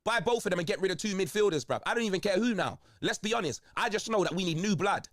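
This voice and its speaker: A man's voice: high-pitched, expressive, fast talker, over a noisy crowd. A young man with a London accent, ranting in slang-heavy football banter, his voice congested. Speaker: football video host.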